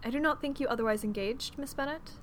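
A woman voicing a dry, mischievous nobleman who speaks in a low, understated, wry way in a storybook reading. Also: quick pace, a little hiss or hum, lightly acted.

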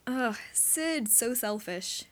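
A woman's voice: a little high, expressive, slow. A woman voicing a young male hockey player who whines in exaggerated mock complaint. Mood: mock whiny.

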